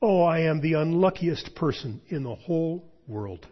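A man voicing a frightened young boy who pleads in a high, panicky voice. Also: lively intonation, normal speed, breathy edge. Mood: terrified. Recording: dull lo-fi sound.

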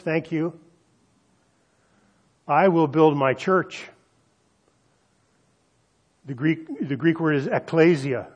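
A male pastor delivering a sermon, slowing down to stress key phrases and speaking directly to the congregation. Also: fairly high pitch. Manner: emphatic preaching with slowed, stressed phrases and audience asides.

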